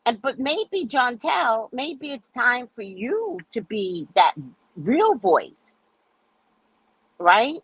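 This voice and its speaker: Sassy woman host, husky and animated. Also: a little high, extremely slow, dry recording, dull audio. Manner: sassy, emphatic, lecturing. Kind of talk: casual commentary livestream.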